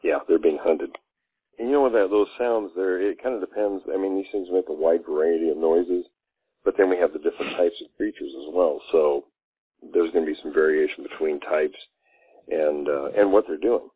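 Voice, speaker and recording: Radio host, male, very deep husky voice, calm and matter-of-fact, narrow tinny line. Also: moderate pace, no room sound. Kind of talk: talk radio conversation.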